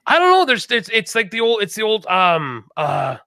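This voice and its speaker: A man co-hosting a casual podcast chat, telling stories in a lively way and acting out the voices of people he quotes. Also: high voice, normal speed, creaky, clean tone, no room sound, studio quality. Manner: animated storyteller, acts out quoted voices. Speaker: podcast co-host.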